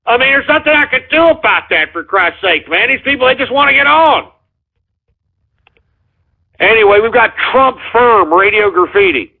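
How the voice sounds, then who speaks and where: Male call-in radio host, high husky voice, cursing and exasperated, tinny phone-like sound. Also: lively intonation, moderate pace. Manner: profane, exasperated ranting.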